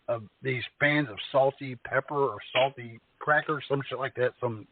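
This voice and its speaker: A man's voice: medium pitch, fairly even intonation, moderate pace, no echo. A man calling in to a talk show, telling rambling, profane stories in crude banter. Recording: tinny phone line with faint noise.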